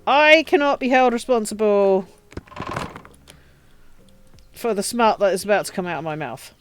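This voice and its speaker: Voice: mid-range voice, normal speed, a bit bright, soft background music. A streamer giving casual, crude, joking game commentary and laughing often, recorded on a desk mic. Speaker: live streamer. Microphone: desk mic, voice only.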